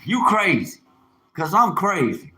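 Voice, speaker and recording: A man chatting on a live stream in an animated, preachy, joking way, laughing often. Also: high-pitched, slow pace, low-quality recording. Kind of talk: casual live-stream chat.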